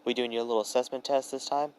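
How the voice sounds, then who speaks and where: A man's voice: mid-range voice, flat delivery, fast talker, darkish tone, a little hiss or hum, natural voice, low-quality recording. A man voicing a teasing ancient trickster god. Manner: teasing, pouty and breezy.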